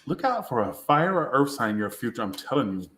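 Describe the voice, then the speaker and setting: A tipsy man reads tarot live in a rambling, crude, self-mocking way. His voice sits at an ordinary middle pitch. The sound carries a noticeable room echo. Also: sing-song, brisk, fairly bright tone, a little hiss or hum. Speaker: tarot reader. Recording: roomy echo.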